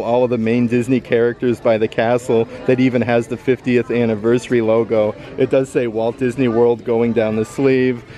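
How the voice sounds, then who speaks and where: A man's voice: medium pitch, dark tone. A man filming a casual shopping vlog in a store, upbeat and enthusiastic as he shows items and their prices. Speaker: vlogger. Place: indoor retail store.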